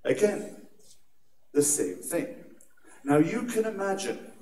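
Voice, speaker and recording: A man's voice: high-pitched, lively intonation, slow pace, dark tone. A man with an Irish accent giving a conference talk on security, telling chatty personal anecdotes and laughing at his own stories. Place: large atrium at a conference. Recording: echoey hall picked up from a distance.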